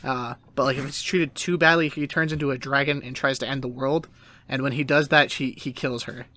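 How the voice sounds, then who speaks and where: A man's voice: mid-range voice, fairly quick. A man hosting a casual podcast, retelling an anime episode with goofy put-on voices. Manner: animated retelling with silly voices. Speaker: podcast host.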